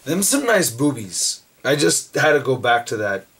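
A man with a hoarse, raspy voice, chatting excitedly and rambling as he unboxes toys for his channel. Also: mid-range voice, normal speed. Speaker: toy reviewer. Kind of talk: casual unboxing chat.

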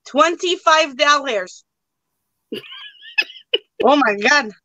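A woman's voice: high-pitched, expressive, unhurried, bright, forceful tone, poor audio. A young woman hosting a live online auction, joking around in a put-on broken-English accent. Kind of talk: live sale chat.

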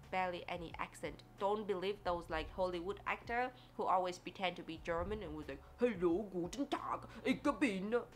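Woman, casual vlog talk, expressive and chatty, faint background noise. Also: lowish voice. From Vietnam. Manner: chatty and expressive, laughs often, non-native English grammar. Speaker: vlogger.

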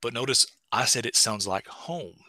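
A man's voice: mid-range voice, moderate pace, sharp tone. A man with a Southern US accent, speaking as a guest linguist in an academic seminar over a video call, thinking aloud with many fillers and restarts.

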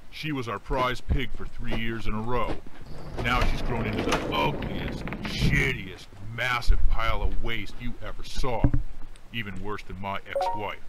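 A man playing a gruff, crude male pig farmer in a game, speaking bluntly and sardonically. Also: fairly low pitch, heavy background noise, close to an everyday voice.

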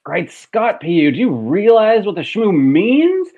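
A man's voice: sits high, big pitch swings, unhurried, voice pushed up, full character voice. Man reading as a gloating greedy tycoon. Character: greedy gloating male industrialist. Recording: tinny phone-like video call.

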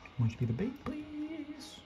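A young man giving excitable live commentary while playing a game, his voice jumping up high when he gets scared. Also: moderate pace. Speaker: gaming video creator.

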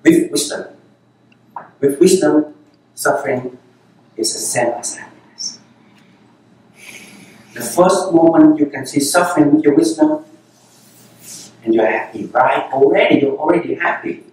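A Zen teacher gives a dharma talk in a meditation center hall, speaking unhurriedly in short, repeated phrases. His voice is on the high side, expressive and a little mellow, a bit slow with long pauses. The hall is very echoey and he sounds far from the mic.

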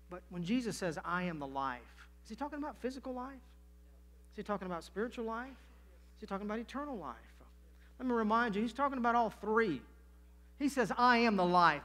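A man's voice: high voice, a bit bright. A man preaching a sermon as pastor, folksy and direct, full of rhetorical questions, recorded in a church sanctuary.

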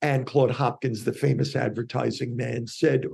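A man with a gravelly, somewhat husky voice tells a story as a podcast guest. He slips into the voices of the people in his anecdote and keeps the telling lively. His voice sits at a medium pitch. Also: normal speed. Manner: animated storyteller voicing quoted characters. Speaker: podcast guest, differentiation expert. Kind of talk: storytelling in an interview.

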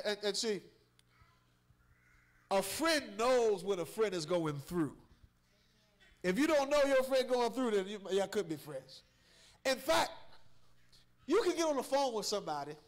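A man preaching a sermon in a church with a Southern US accent, teasing and calling out to the congregation. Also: high-pitched. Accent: Southern US, Georgia. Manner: call-and-response preaching with congregation, playful and teasing. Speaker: pastor. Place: church sanctuary.

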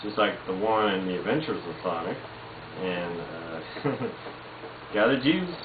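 A man casually introducing his voice impressions in a halting way, laughing between bits. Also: deep voice, lively intonation, noisy background. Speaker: amateur voice impersonator. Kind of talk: casual home video chat. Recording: tinny lo-fi echoey home recording.

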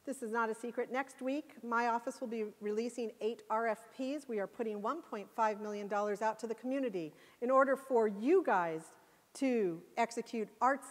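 A woman giving a passionate, emphatic conference talk. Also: fairly high pitch. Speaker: conference speaker. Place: conference hall. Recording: long hall reverb.

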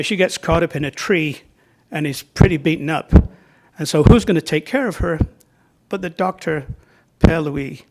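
A man giving an informal library talk about his novels, conversational and joking, with fillers as he points to slides. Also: fairly high pitch.

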